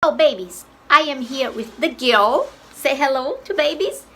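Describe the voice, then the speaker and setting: A woman teacher with a Brazilian accent, a native Portuguese speaker, giving a slow, coaxing English lesson to babies. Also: high-pitched, lively intonation, heavy background noise. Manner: slow, coaxing, playful animal noises.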